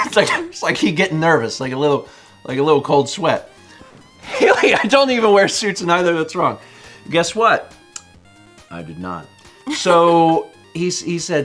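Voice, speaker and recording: A man in his thirties co-hosting a casual chat show, telling an animated story and mimicking other people's voices. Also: a little high, normal speed, soft background music. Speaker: co-host.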